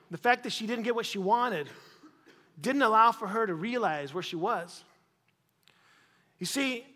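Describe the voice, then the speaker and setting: High bright preacher man in reverberant church. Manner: insistent, repetitive preaching with sudden loud peaks. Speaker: pastor. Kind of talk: sermon. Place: church hall.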